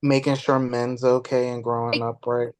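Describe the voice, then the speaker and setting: A woman's voice: very deep voice, little pitch movement, moderate pace, clear, resonant tone. A woman co-hosting a casual fan chat podcast, laid-back with blunt asides. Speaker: podcast co-host.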